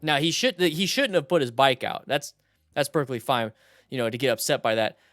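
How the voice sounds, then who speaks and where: A young man hosting a motorcycle channel, commenting on riding videos in a casual, animated way and giving blunt advice. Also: medium pitch, a little fast, dry recording, clean studio sound.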